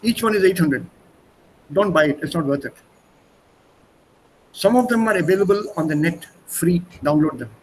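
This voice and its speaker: A man's voice: on the high side, expressive, normal speed, pauses often, rough recording. A man teaching an online language class over a video call, chatty, repeating words and switching between languages.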